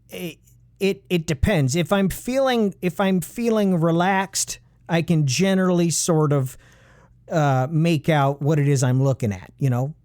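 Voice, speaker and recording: رجل بصوت عالٍ قليلًا يثرثر بجدية ساخرة. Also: male voice, a little high, darkish tone, no echo, clean studio sound. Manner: halting, full of fillers and restarts, mock-earnest. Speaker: comedy podcast host. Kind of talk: deadpan rambling comedic monologue.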